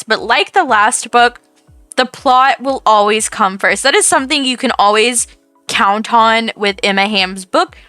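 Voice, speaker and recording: Bright, chatty young woman. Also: on the high side, dry recording. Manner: chatty and gushing, repeats herself. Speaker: book reviewer. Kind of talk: casual book review monologue.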